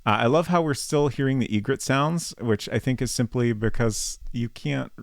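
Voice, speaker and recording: A man's voice: mid-range voice, normal speed, creaky, no echo, studio quality. A man streaming a text adventure game, chatting casually and thinking aloud as he plays. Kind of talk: casual live-stream commentary.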